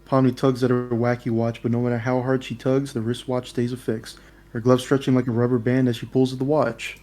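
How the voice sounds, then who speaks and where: Male player, mid-pitched voice, casual story-game narration with offhand asides. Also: flat delivery, brisk, mellow, faint music behind. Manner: plain first-person narration with offhand asides.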